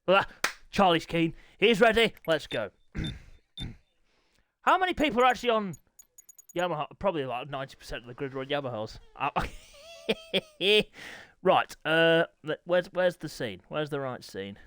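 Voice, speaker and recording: A middle-aged man, hosting and commentating a motorbike racing game live, excitable and quick to break into shouts and laughter. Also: on the high side, clear, resonant tone, no echo. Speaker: gaming channel host and race commentator.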